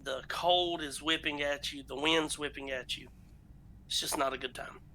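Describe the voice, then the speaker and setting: A man, narrating a tabletop game as game master, slow and halting with many fillers. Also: on the high side, fairly even intonation, sharp tone, slight background noise.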